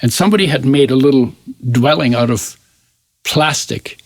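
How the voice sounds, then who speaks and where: A man in his eighties, an interview guest, telling a personal story in an animated way and often restarting his phrases. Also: mid-range voice, normal speed. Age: 80s.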